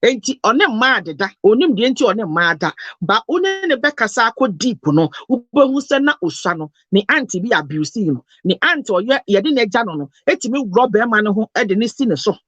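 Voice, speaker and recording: A woman's voice: a little high, very animated, a little fast, hardly any pauses, a bit bright, slightly rough, no echo. A Ghanaian woman talking passionately, mixing Twi and English in an emotional, preachy lecture. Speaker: host.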